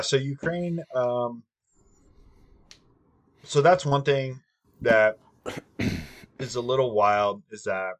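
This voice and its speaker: A man's voice: lowish voice, a bit bright. A young man in casual chat, rambling and swearing freely, with plenty of ums. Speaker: podcast co-host.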